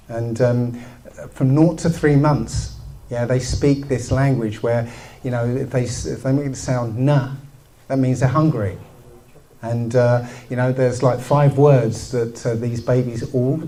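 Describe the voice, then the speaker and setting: Mellow-voiced man explaining casually. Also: medium pitch, rough recording. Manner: loose, full of fillers like "you know".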